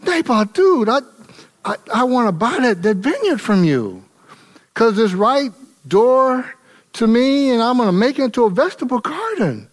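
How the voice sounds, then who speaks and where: A greedy king, acted by a man preacher, haggles in a casual, wheedling way. He leans on his buyer and sounds lively and high for a man. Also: moderate pace, heavily acted. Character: greedy, sulky ancient king.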